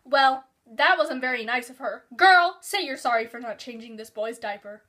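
A stern cop, put on by a woman reading aloud who scolds loudly. Underneath it the voice stays bright and high. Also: lively intonation, moderate pace, heavily acted. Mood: scolding. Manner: loud, scolding.

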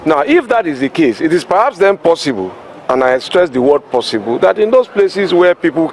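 A man with a Nigerian accent talks to the press outside at a polling unit. His voice sits a little high, and he speaks in a measured, careful way. He hedges often and repeats words to press his points. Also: a little hiss or hum. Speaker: state governor. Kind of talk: press remarks to reporters.

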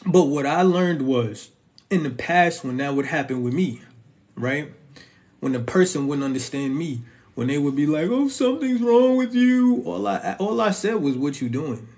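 A man's voice: medium pitch, gravelly, a little mellow. A young man giving casual relationship advice straight to his viewers, emphatic and full of slang asides.

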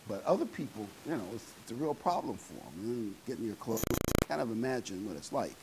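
A man's voice: fairly low pitch, big pitch swings, quick pace, very noisy. A man preaching a sermon in a conversational, folksy way, with fillers and asides to the congregation.

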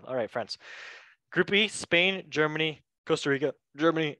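A man's voice: a little high, lively intonation, bright, forceful tone, no room sound, dull audio. Male host, playful, joking, dry close-mic sound. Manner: playful, joking, quick asides. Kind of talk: casual chat.

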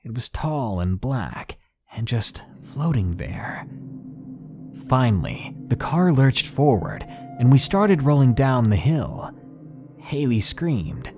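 Male horror narrator: slow, hushed, dramatic read with a lively, rising and falling pitch over soft background music. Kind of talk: scripted horror story narration. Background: faint background music.

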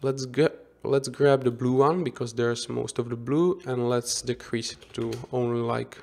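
A man giving an unscripted software tutorial as instructor, thinking aloud with frequent restarts and self-corrections. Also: mid-range voice, steady tone, measured pace, creaky. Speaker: 3D visualization instructor.

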